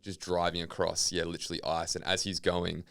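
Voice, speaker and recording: A laid-back man chatting on a podcast in a lowish voice. He talks loosely and swears casually, with plenty of "yeah" and "like.". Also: flat delivery, a little fast, vocal fry, fairly bright tone, no echo, clean studio sound. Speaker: podcast co-host. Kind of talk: casual chat.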